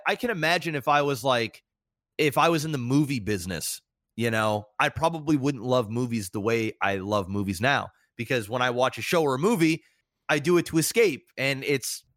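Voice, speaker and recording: A man's voice: no room sound, clean studio sound. A man in his thirties, a podcast co-host and streamer, talking candidly and reflectively in casual chat. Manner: candid, reflective, animated rises in pitch.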